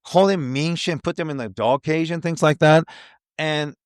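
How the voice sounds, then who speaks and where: Halting man hosting a podcast. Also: fairly high pitch, no room sound, studio quality. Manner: short backchannels, halting when telling his own stories. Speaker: podcast host. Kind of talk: casual interview chat.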